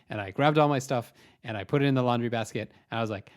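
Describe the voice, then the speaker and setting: A man's voice: mid-range voice, racing. A young man co-hosting a podcast, telling a self-deprecating story in a rambling, hesitant way. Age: young adult. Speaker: podcast co-host. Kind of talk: casual comedic storytelling.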